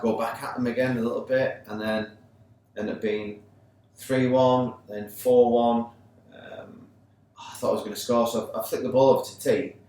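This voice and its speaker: An English man chats casually on a sports podcast. He tells his stories with lively back-and-forth, putting on the voices of the people in them. The sound is very echoey and distant, with faint room noise behind him. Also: fairly low pitch. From England. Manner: animated storytelling, acting out both sides of an argument. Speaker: podcast co-host. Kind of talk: casual chat.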